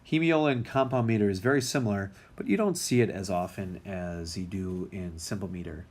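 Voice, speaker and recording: A man's voice: sits low, fairly quick, darkish tone. A man teaching music theory in a recorded lecture, talking casually with many ums and restarts.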